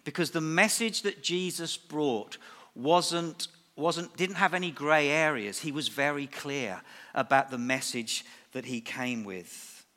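A man's voice: on the high side, takes it slowly, pushed and bright. Emphatic middle-aged male preacher, echoing hall. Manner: emphatic, repeats key phrases. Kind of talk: sermon. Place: church service. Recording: reverberant church hall.

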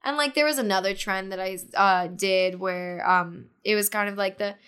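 A woman's voice: mid-range voice, normal speed, smooth. Chatty young woman retelling a story. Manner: animated retelling with many "like" fillers, acting out quotes. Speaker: podcast guest. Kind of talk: casual podcast storytelling.

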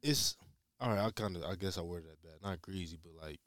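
Young guy, really deep voice, laid back and halting, dry sound. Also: no echo. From Memphis, USA. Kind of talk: casual chat.

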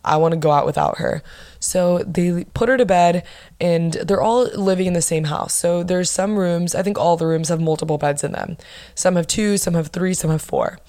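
A young woman hosting her own podcast, chatting casually and bluntly with lots of swearing and animated bursts of emphasis. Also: lowish voice, moderate pace. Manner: blunt, profane, gossipy. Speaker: podcast host. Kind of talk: casual solo podcast chat.

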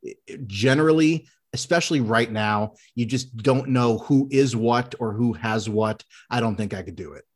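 Cohost guy, earnest, middle pitch, keeps repeating himself. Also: normal speed, hardly any pauses. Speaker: radio show co-host. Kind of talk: casual chat.

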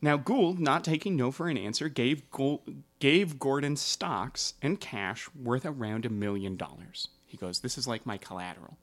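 A man's voice: medium pitch, animated, unhurried. A man hosting a casual podcast, telling a history story with jokes and asides.

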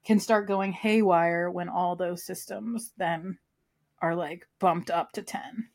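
A woman's voice: fairly low pitch, fairly even intonation, slow pace, darkish tone. A woman co-hosting a podcast, talking casually with many fillers and "like"s. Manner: chatty, lots of fillers and "like". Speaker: podcast co-host. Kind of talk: casual chat.

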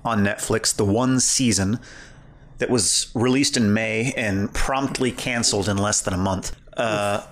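Laid-back low-voiced man chatting. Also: steady tone, a little slow, fairly bright tone, slight background noise. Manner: rambling, laughs often. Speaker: podcast co-host. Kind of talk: casual chat.

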